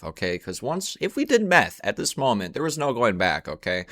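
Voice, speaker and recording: A man's voice: sits low, big pitch swings, normal speed, few pauses, pushed and bright, no echo, studio quality. A young man telling a rambling, profane, slang-heavy story at home in a casual monologue, full of fillers.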